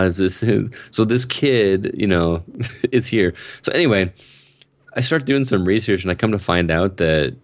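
In a dry recording, a low-voiced man in his thirties rambles through a lengthy personal anecdote during casual talk. He keeps cutting himself off and starting over, filling gaps with frequent ums.

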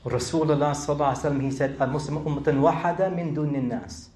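A man's voice: on the high side, steady tone, very fast, a little mellow, echoey room, a little hiss or hum. A middle-aged man with a British accent giving a sermon, asking earnest rhetorical questions and pressing to emphatic peaks. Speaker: speaker.

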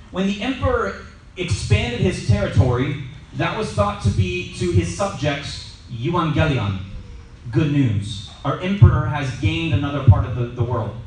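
Brief: male Bible teacher, slightly high voice, animated sermon-style teaching, echoey room, mic set back. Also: distant mic, a little hiss or hum. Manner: animated, acts out shouting scenes.

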